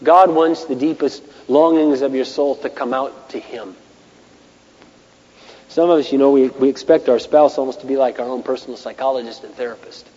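A man preaching a sermon as pastor, impassioned, dropping to hushed asides and rising to shouted bursts. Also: medium pitch, fairly even intonation, normal speed. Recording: muffled echoey hall.

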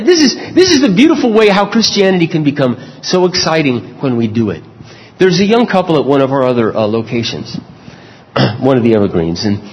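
Man, pastor, sermon, earnest storytelling, slightly high voice, long hall reverb. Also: highs cut off. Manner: storytelling, earnest, lively swings in pitch.

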